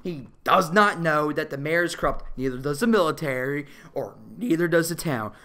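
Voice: medium pitch, normal speed. Profane, exasperated movie-review ranter. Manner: profane, exasperated, laughs often; animated, rising to loud outbursts. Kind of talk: casual ranting movie review.

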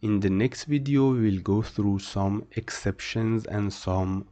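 Man, pronunciation teacher, slow, low-pitched, repeats each word, translates. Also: dark tone. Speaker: French teacher. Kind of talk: slow beginner pronunciation lesson.

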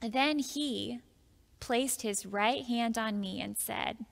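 A woman preaching a sermon in a church, reading scripture slowly and earnestly and then talking it through with the congregation. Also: on the high side, fairly even intonation, gravelly. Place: church sanctuary. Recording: long hall reverb.

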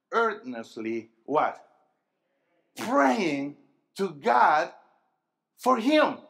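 A man with a high voice preaches to a youth gathering, taking his time over each phrase. He keeps asking the congregation questions and waits for them to answer. His delivery drops low and quiet, then rises to loud, emphatic bursts. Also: vocal fry. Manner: call-and-response, asking the crowd questions. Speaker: pastor. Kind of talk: sermon to a youth rally.

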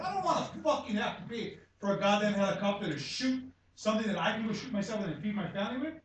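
A man's voice: sits high, very animated, fast talker, hardly any pauses. A man in his fifties from Hawaii, speaking English with a Hawaii Pidgin accent, giving blunt, angry, repetitive testimony with swearing at a public hearing. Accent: Hawaii Pidgin-tinged English. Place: conference room. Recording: echoey room from far off, faint noise.

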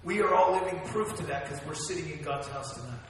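A male preacher delivering an energetic sermon in a church, often asking for amens. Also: on the high side, quick pace, a crowd in the background. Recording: echoey church hall, distant mic.

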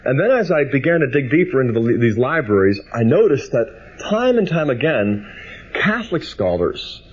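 Husky, lively-voiced man lecturing on scripture. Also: mid-range voice, muffled recording. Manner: reads scripture slowly with emphasis, then speeds up; personal, storytelling. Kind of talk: biblical theology lecture.

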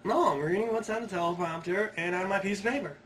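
A woman's voice: mid-range voice, quick pace, far from the mic, slight background noise, voice pushed up, close to an everyday voice. A woman voicing a bumbling clown co-anchor who fumbles the news intro and defends herself. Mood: flustered.

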